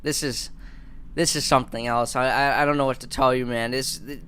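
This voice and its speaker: A man's voice: mid-range voice, steady tone, fairly quick, fairly bright tone, a little hiss or hum. A man in his twenties hosting a live stream, rambling and stammering through casual jokes. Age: 20s. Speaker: livestream host.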